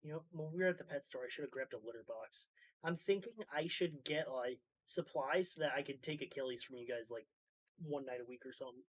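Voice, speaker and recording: Male guest, easygoing conversational tone, mid pitch. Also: brisk, rough recording. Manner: relaxed, thinking out loud. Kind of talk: casual chat.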